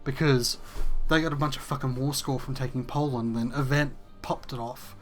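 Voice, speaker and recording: A man's voice: medium pitch, fairly even intonation, moderate pace, soft background music. A man, hosting a casual gameplay rant that is frustrated, profane and rambling. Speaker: gaming video host.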